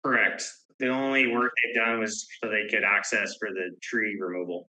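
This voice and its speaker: A man with a low, strikingly sharp and forceful voice answers a board's questions as its engineering manager. He keeps his replies short and matter-of-fact. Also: little pitch movement, moderate pace, rough recording. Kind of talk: meeting discussion.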